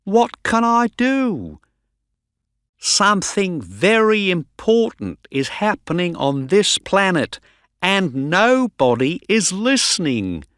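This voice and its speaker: Guy doing a cranky shouty scientist dude, pitched up, dead dry audiobook sound. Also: wildly swooping pitch, drawn-out words, dry recording, full character voice. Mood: angry. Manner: shouting, exasperated. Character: gruff angry male scientist, short-tempered.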